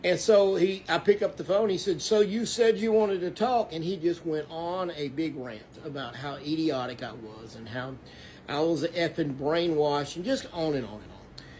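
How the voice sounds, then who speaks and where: A man's voice: on the high side, normal speed, a little mellow, a little hiss or hum. A man from Texas, earnestly telling a personal faith story that turns preachy. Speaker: Christian storyteller. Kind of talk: casual testimony.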